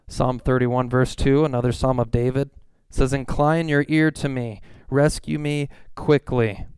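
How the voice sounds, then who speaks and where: A man's voice: medium pitch, steady tone, a little slow, a little mellow, smooth, no room sound. A man in his thirties preaching a sermon, reading psalm verses and telling stories about his family in an earnest, conversational way. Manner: earnest, conversational, reads scripture aloud. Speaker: pastor.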